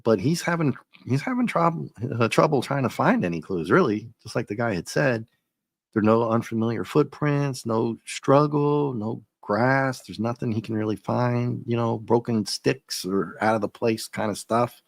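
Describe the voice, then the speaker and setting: A man in a casual comic review, relaxed, paraphrasing panels with chuckles. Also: medium pitch, normal speed, vocal fry, dry recording, studio quality. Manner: laid-back, paraphrases dialogue with chuckles.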